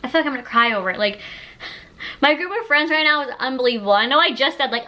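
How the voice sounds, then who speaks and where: A woman's voice: sits high, expressive, quick pace, bright, forceful tone, poor audio. A woman of about thirty talking casually to the camera, emotional and gushing, with many fillers like "like". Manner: emotional, gushing, heavy use of "like". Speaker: YouTuber. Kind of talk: casual sit-down chat.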